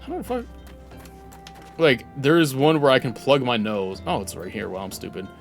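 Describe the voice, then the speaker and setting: A man's voice: medium pitch, sing-song, moderate pace, gravelly, soft background music. A young man streaming a game, rambling casually and joking at himself. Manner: rambling, self-deprecating, reads game text aloud. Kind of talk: casual gameplay commentary.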